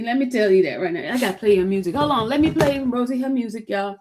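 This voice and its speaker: A woman hosts a relaxed livestream, her voice sitting a little high. She chats directly with her viewers, greets them by name and circles back over the same lines again and again. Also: quick pace, slight background noise. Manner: chatty, repeats herself, calls out to viewers by name. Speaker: livestream host. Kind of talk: casual livestream chat. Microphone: streaming setup.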